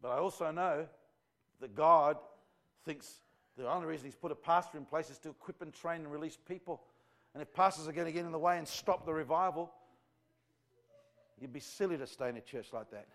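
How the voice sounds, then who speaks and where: A man's voice: a little high, brisk, pauses often, fairly bright tone. A man preaching a revival sermon to a church congregation, fervent and rambling in a conversational way. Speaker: visiting evangelist.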